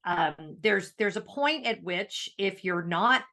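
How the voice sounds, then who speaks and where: Woman co-host, casual podcast chat, animated explainer with a mid-range voice. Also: medium pitch, slow pace.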